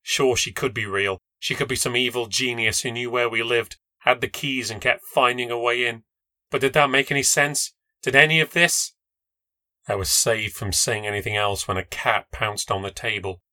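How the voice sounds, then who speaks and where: A man's voice: mid-range voice, normal speed, sharp tone, no room sound. A man narrating a first-person ghost story with a tense, dramatic delivery. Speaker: podcast narrator.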